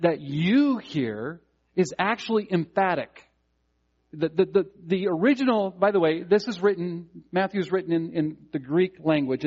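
A man's voice: on the high side, darkish tone, dull audio. A man preaching a sermon, stressing key words by repeating them and restarting phrases.

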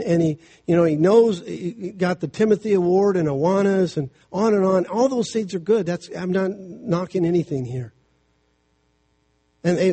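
Here the middle-aged man's voice is high, mellow and a touch rough. Preaching as a family counselor, he mixes scripture and homespun stories conversationally, telling them sermon-style with quick remarks on the side.

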